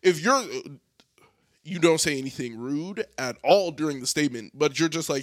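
A man's voice: a little high, moderate pace. A young man co-hosting a casual podcast chat, laughing often and acting out quotes in mock voices. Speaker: podcast co-host.

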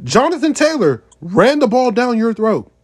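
A man's voice: extremely high pitch, big pitch swings, normal speed, darkish tone, breathy edge. A man co-hosting a casual sports podcast, going methodically through lists one item at a time. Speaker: podcast co-host.

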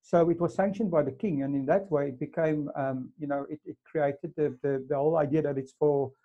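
A man's voice: fairly high pitch, steady tone, a little fast. A man interviewing a guest, explaining history at length with many fillers. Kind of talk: casual interview chat. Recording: dull lo-fi sound.

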